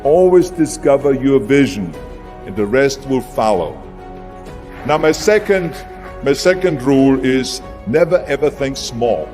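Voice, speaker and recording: With a darkish tone and a medium pitch, this German-accented motivational speaker is animated yet unhurried. He drives his points home emphatically by repeating words, in a long hall reverb with music underneath.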